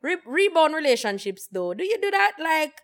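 A woman's voice: high voice, moderate pace. A woman co-hosting a podcast, telling stories in casual chat with patois and acted-out quotes. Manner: animated storytelling with patois and quoted voices. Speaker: podcast co-host.

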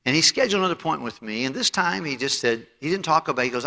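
Man, pastor, emphatic sermon, sharp forceful tone, echoing church hall. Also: a little high, animated, rapid-fire. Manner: emphatic preaching with anecdotes and repeated restarts. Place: church auditorium. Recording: long hall reverb.

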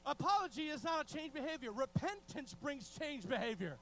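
A man preaching a sermon in a strikingly high voice, excitable and full of restarts. He shifts between loud outbursts and near-whispers. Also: brisk, a little hiss or hum, poor audio. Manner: excitable, restarts often, swings from shouting to hushed.

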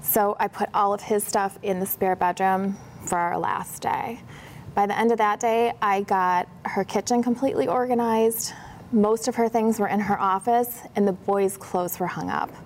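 A professional organizer with a mid-range voice tells stories in a relaxed interview, with a faint hiss or hum behind her. She's animated, switching to a brighter voice whenever she acts out dialogue.

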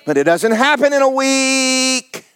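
A man's voice: very high-pitched, sing-song, unhurried, fairly bright tone, clean tone. A man preaching a sermon, folksy and fiery, repeating phrases for emphasis. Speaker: pastor.

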